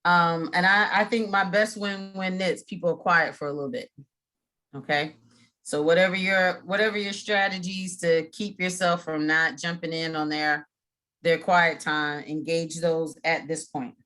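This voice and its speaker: Brief: middle-aged woman trainer, bright tone, lowish voice, chatty with restarts, video call. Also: steady tone, moderate pace. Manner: chatty, frequent fillers and restarts. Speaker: mediation trainer. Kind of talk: casual training talk.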